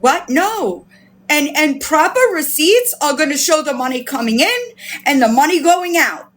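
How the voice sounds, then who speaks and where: A woman's voice: sits high, expressive, normal speed, a bit bright. A woman hosting a live stream, ranting in outrage and disbelief, swearing often and repeating herself while she answers her chat. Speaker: livestream host. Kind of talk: heated live-stream commentary.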